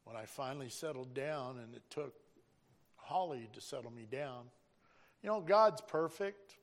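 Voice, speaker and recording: A man's voice: medium pitch, expressive, measured pace. A middle-aged man giving an earnest, preacherly personal testimony about driving a school bus.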